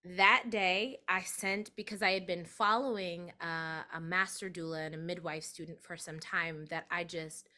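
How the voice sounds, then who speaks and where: Bright-voiced woman telling a story. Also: moderate pace, few pauses. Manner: animated, acts out quoted voices with big pitch jumps. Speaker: doula, podcast guest. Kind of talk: storytelling in an interview.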